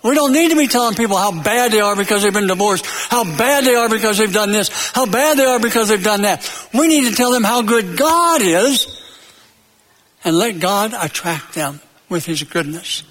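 A man preaching a sermon, emphatic, building to loud peaks and then dropping low, with stories and jokes along the way. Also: animated, normal speed, big-room sound.

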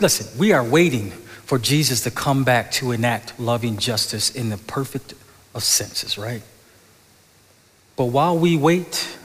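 A man's voice: a little high, normal speed. A man preaching a sermon as pastor, often stammering and restarting words, then building to impassioned peaks. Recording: long hall reverb.

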